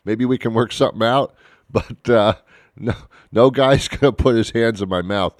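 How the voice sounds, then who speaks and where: A man's voice: medium pitch, moderate pace, no room sound, studio quality. A man hosting a radio talk show, rambling and joking at his own expense. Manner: rambling, self-mocking, jokey. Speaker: radio host. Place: radio studio.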